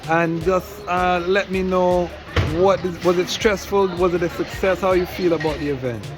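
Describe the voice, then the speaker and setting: A man's voice: high voice, steady tone, normal speed. A man hosting a podcast and interviewing a guest on the spot at an outdoor festival, playful and hyping her up. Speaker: podcast host. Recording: outdoor event, loud music and crowd. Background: music and crowd.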